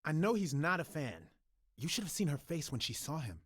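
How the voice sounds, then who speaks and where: A cocky young male weasel photographer from a video game, husky and lively, with his pitch jumping all over the place. He sounds brash and quick to defend himself, recorded dry and set a little back from the mic. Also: dry recording, full character voice.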